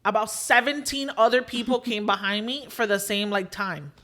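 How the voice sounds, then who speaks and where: Her voice sits mid-range and moves at normal speed as she, a young podcast host, relays a story conversationally. She brings the quotes to life animatedly, sprinkling in bits of Spanish filler.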